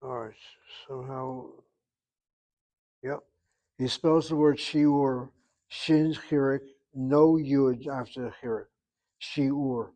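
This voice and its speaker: A man's voice: medium pitch, fairly even intonation, takes it slowly, dark tone, poor audio. A man with an American accent giving a Hebrew grammar lesson in a blunt, emphatic classroom lecture style. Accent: American English. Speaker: Hebrew instructor.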